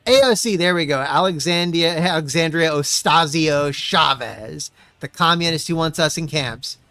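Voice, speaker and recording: Man, streamer, casual gameplay commentary, chatty, frequent swearing, slightly high pitch. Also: moderate pace, sharp tone, no room sound. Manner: mutters to himself, swears often, chatty.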